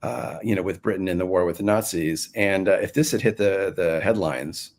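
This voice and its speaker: A man's voice: sits low, moderate pace. A man answering interview questions in a casual, rambling way, full of fillers and restarts. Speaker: guest author.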